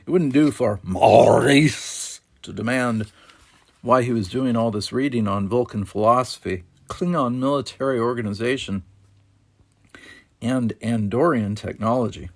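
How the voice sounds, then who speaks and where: A man reading a novel aloud in a steady, measured narration. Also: medium pitch, vocal fry. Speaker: audiobook reader.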